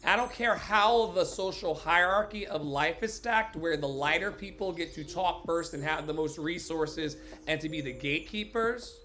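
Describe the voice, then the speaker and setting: A man's voice: on the high side, normal speed, hardly any pauses, bright, forceful tone, a little hiss or hum. A man hosting a show, delivering an impassioned motivational sermon in an emphatic, blunt and profane preacher's manner.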